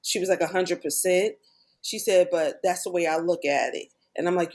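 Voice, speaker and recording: A middle-aged woman talks candidly and earnestly as a guest on a podcast. Her voice sits a little low, and she often acts out remembered conversations in quick quoted bursts. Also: fairly even intonation, darkish tone.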